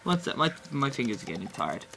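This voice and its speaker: A woman's voice: extremely low pitch, very animated, a little fast, creaky, fairly bright tone, slight background noise. Giggly woman doing game commentary. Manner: giggly, exclaiming, repeats words. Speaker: gameplay commentator.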